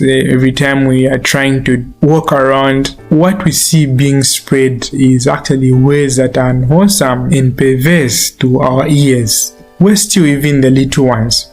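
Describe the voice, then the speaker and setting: A man giving a devotional Bible teaching in an earnest, explaining manner. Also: medium pitch. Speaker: preacher. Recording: soft guitar music behind.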